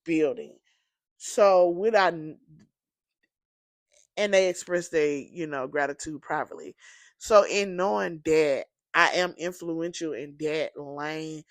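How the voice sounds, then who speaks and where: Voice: mid-range voice, no room sound, studio quality. Sleepy podcast host rambling. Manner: rambling, conversational, many fillers. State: sleepy, yawning. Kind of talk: casual solo podcast monologue.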